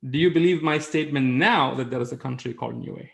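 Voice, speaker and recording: A man's voice: medium pitch, fast talker, vocal fry. A man presenting a webinar in a conversational way, with fillers and rhetorical questions.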